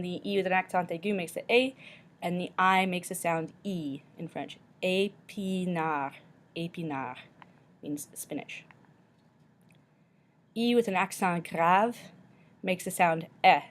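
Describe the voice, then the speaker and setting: A woman teacher records a pronunciation lesson, modeling each word slowly and carefully and often repeating it. Her voice is fairly low.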